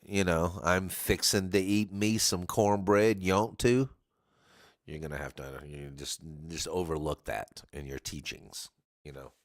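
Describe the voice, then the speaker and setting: A man's voice: sits low, no room sound, clean studio sound. A man hosting a live karaoke stream, chatting in a rambling, joking way and talking straight to his viewers. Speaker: livestream karaoke host greeting viewers. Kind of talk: casual rambling chat.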